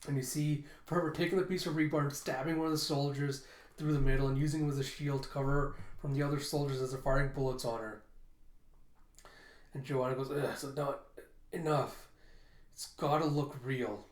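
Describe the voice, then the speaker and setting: A man casually narrates a comic book, describing panel after panel and dropping fillers as he goes. His pitch sits at a middling level. The recording has a roomy echo. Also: fairly even intonation, fast, darkish tone. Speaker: comic readthrough host.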